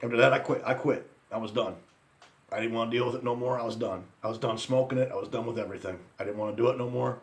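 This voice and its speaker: A man's voice: mid-range voice, steady tone, fast. Middle-aged man, casual rant vlogger, loose and profane, rambles and laughs.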